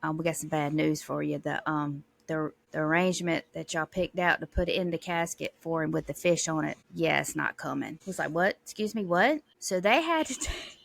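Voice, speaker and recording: A woman, co-hosting a podcast and telling a family story in a lively, laughing way. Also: deep voice, moderate pace, creaky, no room sound. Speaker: podcast co-host. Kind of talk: casual storytelling.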